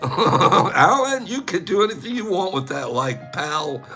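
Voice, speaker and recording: Soft music plays as a high-voiced man with big pitch swings and an unhurried delivery runs a relaxed live stream. He jokingly ribs viewers in the chat, laughs often, and lets out loud bird calls.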